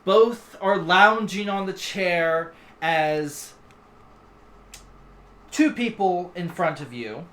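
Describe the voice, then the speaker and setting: A man running a tabletop game, his voice high and bright. He narrates loosely, full of "like" and "um", sketching the scene as he goes. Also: very slow, long pauses. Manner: casual, filler-heavy narration with restarts. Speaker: game master.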